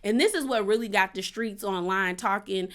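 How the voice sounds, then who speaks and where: A chatty woman recaps a reality TV episode in loose, casual commentary. She is opinionated and slips into the cast's lines as she tells it. Her voice sits at a middle pitch for a woman. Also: normal speed. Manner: chatty and opinionated, acts out quotes.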